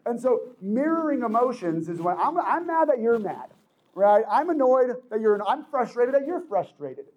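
A man giving a lively motivational talk to a young audience, acting out quoted voices and laughing often. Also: very high voice, normal speed, dull audio. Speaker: speaker addressing teens.

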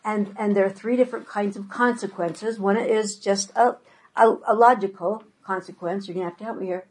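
An older woman leads a parenting workshop, her voice soft and a little breathy. She tells stories with energy and slips into quoted voices as she goes. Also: mid-range voice, brisk, rough recording. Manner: animated storyteller, acts out quoted voices. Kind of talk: workshop talk with anecdotes.

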